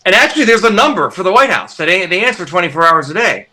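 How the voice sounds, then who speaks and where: A musician guest in his forties, his voice sitting high and fast, tells road stories in a casual interview. He's an animated storyteller who acts out the quotes.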